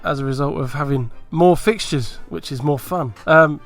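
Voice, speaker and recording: A man hosting a casual sports podcast, running through predictions with a brisk, teasing manner. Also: a little high, faint music behind. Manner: brisk, teasing, runs the segment. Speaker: podcast host.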